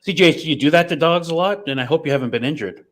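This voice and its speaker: A man's voice: fairly high pitch, racing, a bit bright. A man co-hosting a casual livestream, bantering in a laid-back, joking way. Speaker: podcast co-host.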